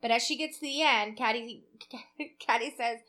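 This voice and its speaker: A woman's voice: a little high, moderate pace, pushed and bright. A woman co-hosting a podcast in casual chat, opinionated and swearing freely. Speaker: podcast co-host.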